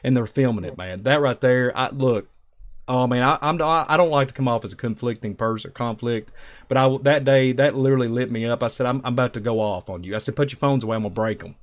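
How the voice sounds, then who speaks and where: A man's voice: mid-range voice, quick pace. A man telling stories on a talk show, emphatic and rambling, acting out the voices of people in his stories. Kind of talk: animated storytelling on a talk show.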